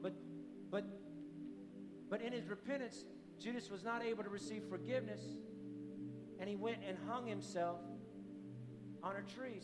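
A pastor delivering an impassioned sermon, driving his points home with repeated declarations. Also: high-pitched. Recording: long hall reverb, faint music.

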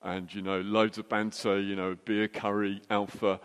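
A man's voice: on the low side, flat delivery, clear, resonant tone. Man preaching in a reverberant hall. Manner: anecdotal and jokey, quick restarts. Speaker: church speaker. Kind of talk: storytelling sermon.

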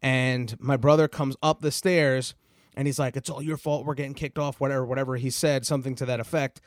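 A young man hosts a podcast, telling a long personal story in a casual, rambling way packed with fillers and swearing. His medium-pitched voice is steady and a little fast, recorded at studio quality with no room sound.

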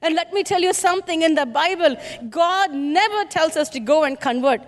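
A woman's voice: very high voice, moderate pace. A woman from India, preaching a sermon with emphatic, repeated rhetorical questions to the congregation. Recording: reverberant hall.

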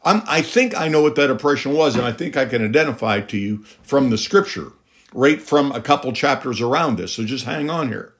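A man's voice: mid-range voice, lively intonation, brisk, a bit bright. A middle-aged man preaching a sermon, emphatic, with rhetorical questions and a voice that climbs on key points.

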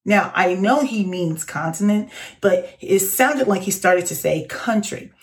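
A woman's voice: mid-range voice, unhurried. A young woman casually telling an exasperated workplace story to her channel, acting out the voices of the people in it. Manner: animated, exasperated, acts out quoted voices.

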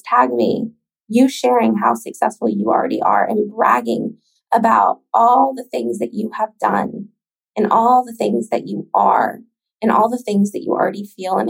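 A woman hosts a podcast in a casual, encouraging monologue aimed straight at the listener. Her voice sits a little high, with a gravelly, husky edge. She swears freely and lets long pauses hang. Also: poor audio. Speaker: podcast host.

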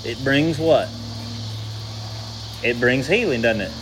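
A man's voice: medium pitch, takes it slowly, noisy background. A man preaching a sermon in a folksy, conversational way, asking the congregation questions. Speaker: pastor.

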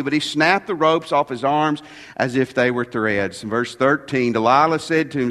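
A man's voice: fairly high pitch, moderate pace, fairly bright tone, long reverb tail. A man preaching a sermon as pastor, with folksy, joking asides.

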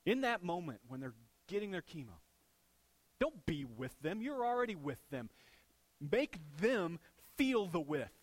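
A man in his thirties delivers a sermon in a conversational preaching style, leaning on rhetorical questions. His voice sits notably high for a man and swings from soft and hushed to loud and emphatic. The sound is close and dry, with no room around it. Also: very animated, measured pace, no room sound. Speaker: pastor.

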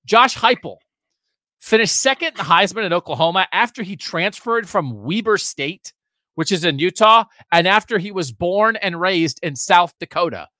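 A man's voice: sits high, lively intonation, moderate pace, pushed and bright, no echo, clean studio sound. A man co-hosting a sports podcast, giving emphatic, opinionated talk with sarcastic asides.

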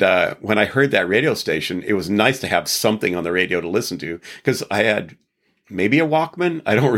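Deep-voiced man from Texas telling stories. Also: fairly bright tone. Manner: rambling, reflective, chuckles now and then. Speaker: podcast guest. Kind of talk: casual storytelling interview.

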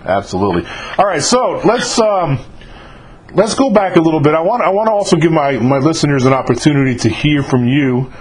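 A man's voice: a little high, very animated, fairly quick, a crowd in the background, poor audio. A man hosting an interview show, eagerly asking his guest questions in casual chat. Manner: eager, chatty, restarts questions. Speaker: podcast host.

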